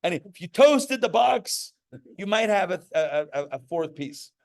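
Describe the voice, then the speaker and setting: A man giving a lively sermon as a rabbi at a live class, talking in an animated way with joking asides and acted-out quotes. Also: sits high, a little slow, vocal fry. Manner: animated, acts out quoted voices, jokey asides. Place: live class before an audience.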